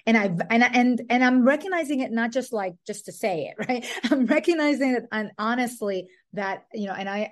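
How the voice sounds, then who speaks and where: A woman's voice: on the high side, fairly quick, few pauses. Casting: earnest middle-aged woman, author guest on an interview podcast, thoughtful. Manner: earnest, thoughtful, with frequent restarts. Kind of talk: conversational interview.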